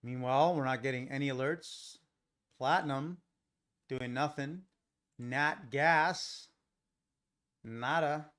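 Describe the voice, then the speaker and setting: A man hosts a live day-trading stream in an easygoing, rambling way, drifting between chart talk and stories. He chuckles often, and his voice sits at an ordinary middle pitch. He grew up in Los Angeles. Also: slow, long pauses, fairly bright tone. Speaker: day trading livestream host. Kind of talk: casual live commentary, chatting with viewers. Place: home trading setup.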